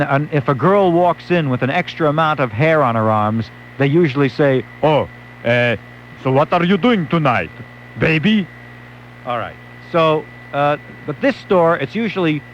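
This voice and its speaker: New talk radio host, lo-fi. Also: male voice, on the high side, a little hiss or hum. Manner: wry storytelling with acted-out quotes. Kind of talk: late-night radio monologue. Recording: dull lo-fi AM radio recording.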